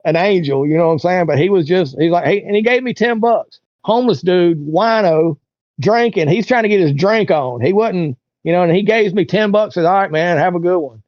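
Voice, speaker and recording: Male interview guest, casual rambling storyteller, slightly high voice, dry muffled sound. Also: expressive, normal speed, a little mellow, no echo. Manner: rambling, colloquial, acts out others' lines.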